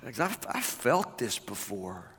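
A man's voice: lowish voice, very animated, slow pace, sharp tone, breathy edge, in a large hall. A man preaching a sermon as a pastor, talking conversationally and often stammering into restarts.

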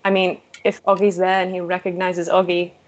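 A woman's voice: lowish voice, flat delivery, a little fast, highs cut off. A woman playing a tabletop game, talking hesitantly and thinking aloud in character. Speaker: player. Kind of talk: casual role-play chat.

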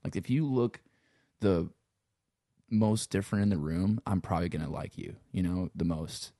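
A man's voice: low-pitched, normal speed, dark tone, no echo, studio quality. A man from Louisiana with a Cajun accent, chatting casually as a guest and peppering his talk with swearing and "you know". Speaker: guest, sound engineer and musician. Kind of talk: casual interview chat.

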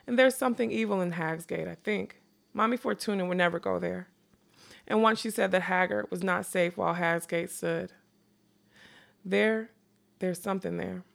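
A woman voicing a wry middle-aged male magician in a novel read aloud, speaking in a hushed, measured way. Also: on the low side, creaky.

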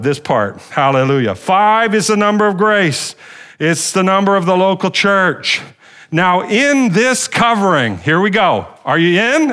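A man preaching a sermon, rallying the congregation with questions and calls for amen, often restarting and repeating phrases. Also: on the high side. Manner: animated preaching with call-and-response to the congregation. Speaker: pastor.

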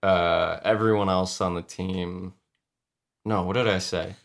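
A young man with a fairly low voice chats casually on a podcast. He jokes around and laughs easily. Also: steady tone, vocal fry. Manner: joking, quick to laugh. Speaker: podcast co-host. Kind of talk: casual recap chat.

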